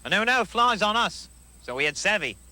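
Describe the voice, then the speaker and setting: An actor playing a boastful Australian action-film star with an Australian accent, pitching in a brash, salesman-like way in a 1980s sketch comedy. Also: big pitch swings, fairly quick, pushed and bright, dry recording, heavily acted. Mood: rueful. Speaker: commercial pitchman.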